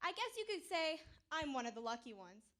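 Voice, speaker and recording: A woman's voice: high voice, very animated, brisk, pushed and bright. A woman from Texas, giving a peppy, emphatic prepared campaign speech as a 4-H council candidate.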